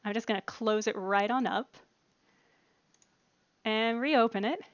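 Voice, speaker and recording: A woman's voice: a little high, no echo, dull audio. Chatty woman hosting a game stream. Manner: chatty, upbeat, quick to laugh. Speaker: stream host. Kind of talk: casual group chat on a game stream. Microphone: headset over voice chat.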